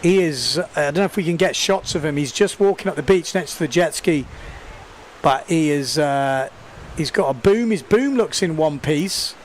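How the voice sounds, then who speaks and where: A man doing live sports commentary, excitable and talking fast over the action, recorded outdoors at a beach event. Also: on the high side, slight background noise. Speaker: windsurfing commentator.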